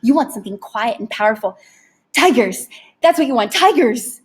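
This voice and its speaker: A woman's voice: fairly high pitch, lively intonation, normal speed, husky. A woman voicing a sly, pushy male tempter in an audiobook, coaxing like a salesman. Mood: wheedling. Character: sly fast-talking male tempter, wheedling and cocky.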